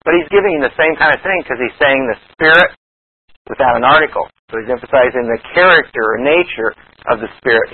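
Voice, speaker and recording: A man teaching a verse-by-verse Bible study lesson, explaining carefully with fillers and reading scripture aloud slowly. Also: medium pitch, breathy edge. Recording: tinny phone-like lo-fi recording.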